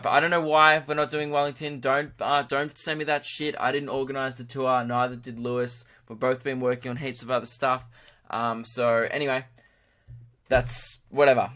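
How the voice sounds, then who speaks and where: A man's voice: mid-range voice, a bit bright. A young Australian man hosting his own comedy podcast, talking loosely and impulsively, swearing and laughing at his own jokes. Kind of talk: casual solo podcast chat.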